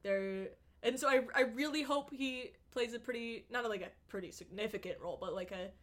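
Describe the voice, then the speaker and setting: A young woman co-hosting a casual chat, excitable and gushing, often acting out lines. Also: a little high, brisk.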